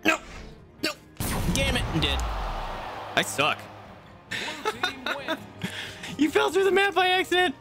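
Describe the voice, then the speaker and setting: A game streamer giving excited live commentary while playing, swearing often and squealing and yelping at the action. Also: sits high, slow pace, long pauses. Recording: loud game music behind the voice.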